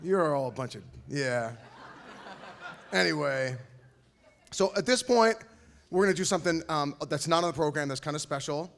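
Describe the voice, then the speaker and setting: A man's voice: fairly high pitch, expressive, normal speed, vocal fry, pauses often, fairly bright tone. A man on stage at a school awards night, giving a speech to graduating students with jokes and encouragement. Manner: joking, encouraging, playful asides. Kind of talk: speech to an audience.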